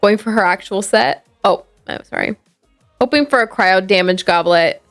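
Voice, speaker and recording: A woman's voice: mid-range voice, moderate pace, a bit bright. A woman streaming a game, chatting casually and sleepily, rambling with fillers and restarts. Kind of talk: casual gameplay chat. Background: faint game music.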